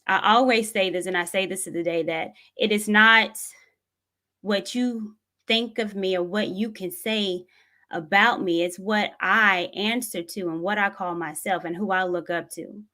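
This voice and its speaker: A woman, speaking to her viewers in an earnest, reflective way. She tells a personal story at an unhurried pace. Her voice sits in a mid range. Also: medium pitch, fairly even intonation, pushed and bright. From Tennessee, USA. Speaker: vlogger.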